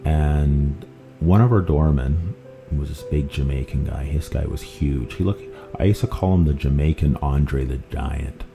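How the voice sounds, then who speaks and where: A man hosting a podcast, telling true-crime stories in a rambling, animated way and correcting himself as he goes. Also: rumbling low, unhurried, gravelly. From Canada. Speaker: podcast host. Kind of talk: casual true-crime storytelling. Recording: faint guitar music underneath.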